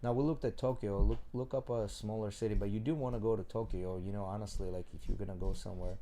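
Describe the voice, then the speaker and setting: A man hosting a podcast, chatting loosely and thinking out loud, with some swearing. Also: lowish voice, fairly even intonation, fast, a little hiss or hum. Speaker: podcast host. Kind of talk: casual chat.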